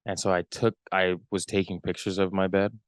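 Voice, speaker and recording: A young adult man co-hosting a podcast, chatting casually in a halting, rambling way. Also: sits low, little pitch movement, no echo. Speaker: podcast co-host. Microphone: close podcast mic.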